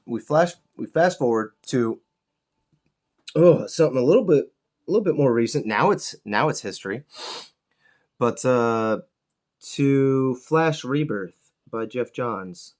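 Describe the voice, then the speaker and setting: A man's voice: medium pitch, expressive, measured pace, a little mellow. Profane ranting man painting miniatures. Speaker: miniature painting channel host. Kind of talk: casual chat while painting.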